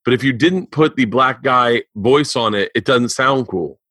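A man's voice: mid-range voice, unhurried, no echo. Rambling, profane male podcast host. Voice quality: animated, profane, rambling storyteller. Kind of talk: casual chat.

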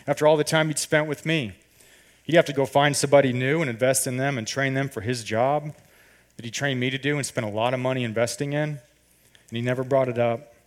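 A man telling a personal story in a sermon, animated and acting out the dialogue. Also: mid-range voice.

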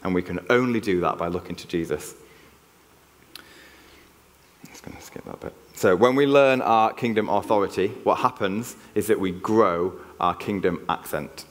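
A man's voice: sits low, normal speed, hardly any pauses. A man preaching a sermon in church, earnest in tone and using frequent fillers. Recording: long church reverb.

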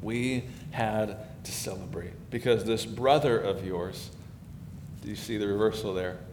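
A man giving a sermon as pastor, talking conversationally and building in emphasis. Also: a little slow. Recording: echoey hall with faint background rumble.

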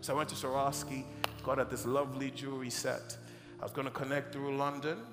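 A man from Nigeria preaching, telling a personal testimony as an emotional, animated storyteller in a large church hall. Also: mid-range voice, fairly quick. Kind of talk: sermon storytelling. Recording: echoey hall with music.

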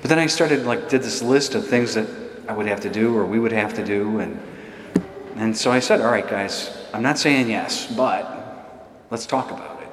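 A man's voice: on the low side, moderate pace, a bit bright, a little hiss or hum. A middle-aged man, a parish priest, telling a chatty, self-deprecating story in a homily and laughing often. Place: church. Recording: echoey church hall.

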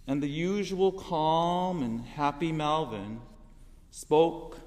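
A man speaks to his congregation in a heartfelt, earnest sermon, now and then swelling into loud emphasis. His voice sits fairly high for a man. The long reverb of the church hall trails after every phrase. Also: slow pace. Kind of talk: sermon, personal testimony. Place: church sanctuary.

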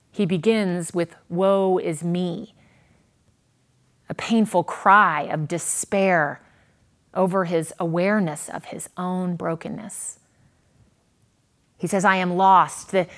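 A woman preaching a sermon. She speaks slowly in a slightly low voice, with long dramatic pauses. Her volume swells on key words and drops almost to a hush. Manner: earnest, dramatic pauses, rises and falls in volume.

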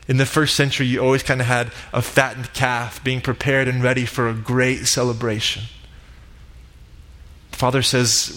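A man delivering a sermon, retelling a parable with dramatic build-ups and loud quoted cries. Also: medium pitch, little pitch movement, moderate pace. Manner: dramatic retelling, rising to shouts in quoted lines. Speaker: pastor. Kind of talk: sermon storytelling. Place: church sanctuary.

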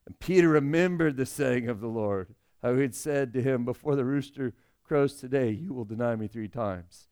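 A young male pastor preaching a sermon in an earnest, conversational way, rising loud on emotional points. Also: medium pitch, moderate pace, clear, resonant tone.

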